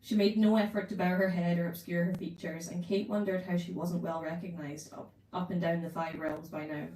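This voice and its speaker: A woman author, reading her novel aloud at a bookshop event in a measured narrating voice. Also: lowish voice, level tone, dark tone, slight background noise. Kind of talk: live book reading. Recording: roomy room, distant mic.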